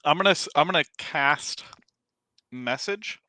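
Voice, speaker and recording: A man at a tabletop game who talks earnestly, stopping to clarify the rules. His voice is bright and tense. The recording is dry and close. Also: on the high side, a little slow, no room sound. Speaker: player.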